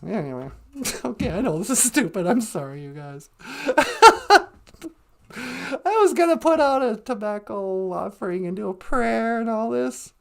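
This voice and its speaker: A woman's voice: on the high side, lively intonation, a little slow, vocal fry. A woman co-hosting a casual, playful podcast, goofing around and making beeping computer noises. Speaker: podcast co-host.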